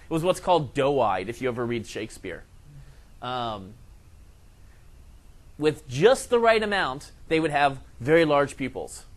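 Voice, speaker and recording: A man teaching a science lesson, telling a comic story in an animated way with acted-out quotes. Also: medium pitch, measured pace, pauses often.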